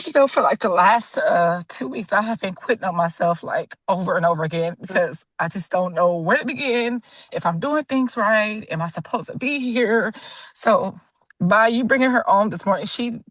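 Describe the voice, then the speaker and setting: A woman sharing on a group video call, halting and emotional, close to tears. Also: mid-range voice, lively intonation, a bit bright, dry recording. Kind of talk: casual personal sharing.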